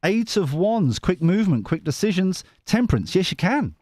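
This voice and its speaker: A man's voice: high voice, very animated, moderate pace, dark tone, dry recording. A man hosting a casual tarot live stream, chatty and giggly with lots of restarts.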